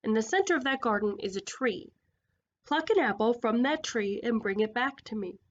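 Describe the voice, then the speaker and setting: A woman voicing a great solemn male lion king, speaking slowly and gravely. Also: on the high side, expressive, highs cut off.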